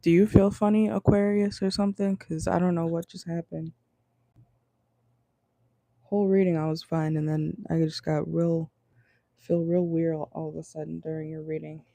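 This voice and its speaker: A man with a dark, gravelly voice gives a relaxed tarot reading from a parked car. He sits a bit high in his range and talks loosely, reassuring his listeners. He keeps checking in with a casual "okay?". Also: moderate pace, pauses often, no echo. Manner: loose, chatty, reassuring, many fillers like "okay?". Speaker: tarot reader.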